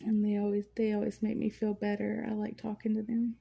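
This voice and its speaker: Dark-voiced woman chatting with a creaky edge. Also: mid-range voice, a little fast. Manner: relaxed, rambling storytelling with many fillers. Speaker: vlogger painting while chatting. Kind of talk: casual chat. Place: at home, indoors.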